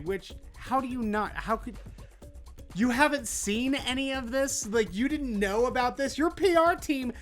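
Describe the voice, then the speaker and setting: A woman's voice: on the high side, animated, moderate pace, soft background music. A woman hosting a comedic news recap, sarcastic and mocking, who drags out phrases for emphasis. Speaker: host.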